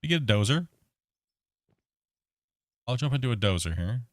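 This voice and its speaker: A man's voice: medium pitch, very animated, normal speed, no room sound, studio quality. A man hosting a gaming livestream, rambling casually and chuckling as he talks to his chat.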